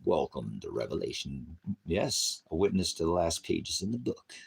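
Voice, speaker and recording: A man preaching in a rambling, combative rant, swearing heavily, lurching from shouted bursts to low mutters. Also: sing-song, moderate pace, vocal fry, slight background noise. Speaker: independent ministry preacher. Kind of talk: profane religious rant.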